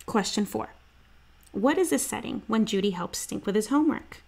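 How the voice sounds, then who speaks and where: A woman's voice: medium pitch, lively intonation, moderate pace, gravelly, darkish tone. A woman teacher reading a children's book aloud and asking comprehension questions.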